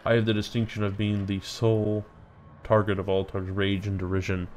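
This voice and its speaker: A man voicing a huge, jovial game character with a put-on German accent, booming and amused. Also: monotone, moderate pace, darkish tone, slight background noise, close to an everyday voice. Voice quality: booming, mirthful. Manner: flowery, amused.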